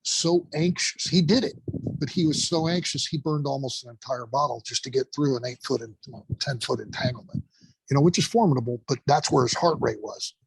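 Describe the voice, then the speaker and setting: A man guest on a podcast, a fire training instructor telling stories in an emphatic, profane, animated way. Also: mid-range voice, brisk, creaky, husky, no echo, low-quality recording. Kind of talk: casual podcast storytelling.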